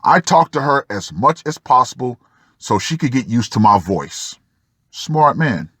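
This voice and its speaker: A man's voice: medium pitch, big pitch swings, measured pace, pushed and bright, slightly rough, dry recording, clean studio sound. A man reading a first-person article aloud and breaking off for sardonic asides to the listener. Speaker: channel host reading an article.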